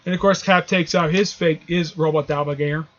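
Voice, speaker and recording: A man's voice: fairly high pitch, fairly even intonation, a little fast, a little hiss or hum. A man reviewing a comic book issue in a casual, rambling way, with frequent fillers and restarts, recorded with dull lo-fi sound. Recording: dull lo-fi audio.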